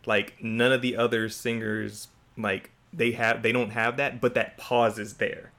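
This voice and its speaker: Casting: man, mid-pitched, filler-heavy halting storyteller, casual chat. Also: flat delivery, creaky, a bit bright.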